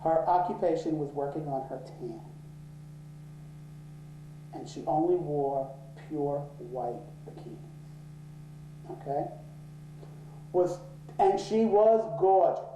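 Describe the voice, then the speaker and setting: A man telling a story in an interview, swearing freely and getting worked up and loud when angry. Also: a little high, slow pace, pauses often, noisy background. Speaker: interviewee, office owner. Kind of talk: profane, animated storytelling in an interview. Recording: roomy echo.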